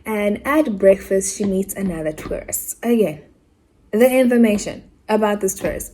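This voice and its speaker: Woman from Africa, book reviewer, middle pitch, animated chatty rant with mock-outraged asides. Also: slight background noise. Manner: acts out characters' lines in quick asides.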